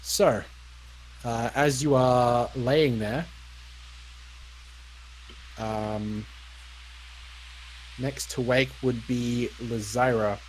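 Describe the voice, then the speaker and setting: A young man narrating as dungeon master, relaxed and hesitant, with frequent ums and uhs. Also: mid-range voice, a little hiss or hum, poor audio. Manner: unhurried, lots of ums and uhs. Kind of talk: narrating a tabletop game.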